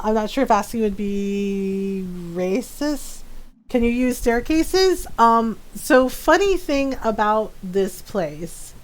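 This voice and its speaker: A young woman live-streaming a game, telling stories in casual chat, laughing often and acting out what people said. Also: medium pitch. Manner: chatty storyteller, laughs often, acts out quotes.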